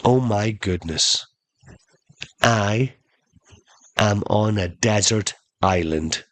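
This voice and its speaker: Amazed castaway, high and eager ; a man performs him. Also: drawn-out words, no echo. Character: stranded man, easily amazed and excitable.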